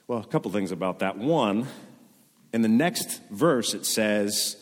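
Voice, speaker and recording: A man's voice: fairly low pitch, lively intonation, measured pace. A man preaching a sermon in a casual, conversational way, acting out people's inner questions with rising emphasis. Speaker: pastor. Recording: long reverb of a large hall.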